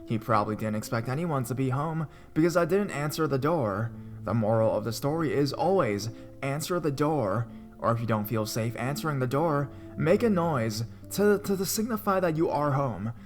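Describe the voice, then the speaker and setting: A man's voice: expressive, moderate pace, faint music behind. Man narrating a horror story dramatically. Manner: dramatic reading that rises in pitch and volume at tense moments.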